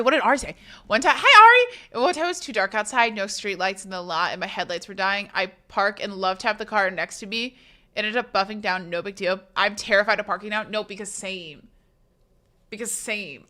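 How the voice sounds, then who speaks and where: Bright-voiced young woman streamer, animated chat. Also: fairly high pitch. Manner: animated, swearing, rambling storytelling. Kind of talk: casual live-stream chat.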